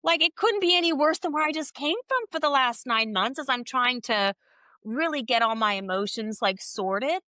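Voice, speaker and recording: A woman guest on a podcast, candidly telling a personal story in a casual, animated way and reenacting conversations as she goes. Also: sits high, moderate pace, no echo.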